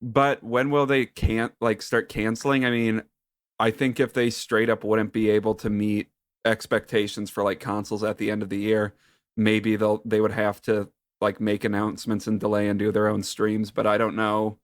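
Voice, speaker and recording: A man co-hosting a podcast, talking in a relaxed way with dry jokes. His voice sits fairly low. The sound is close and dry. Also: normal speed, no echo. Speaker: podcast co-host. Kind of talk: casual podcast chat.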